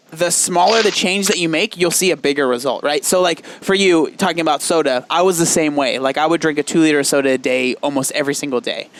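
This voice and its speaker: A man hosting a podcast interview, asking curious questions and sharing advice in a measured, encouraging way. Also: fairly high pitch. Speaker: podcast host. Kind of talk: interview conversation.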